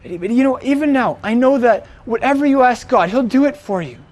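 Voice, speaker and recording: A man's voice: very high-pitched, animated, brisk, a little mellow, voice pushed up. A man voicing a grieving woman who pleads earnestly with her teacher. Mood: pleading.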